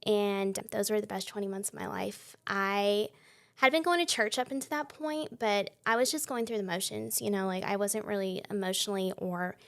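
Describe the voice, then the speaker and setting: A young woman, sharing her faith testimony as a guest in a conversational interview. She is a lively storyteller who laughs often and acts out the dialogue she quotes. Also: medium pitch, normal speed, gravelly. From Texas.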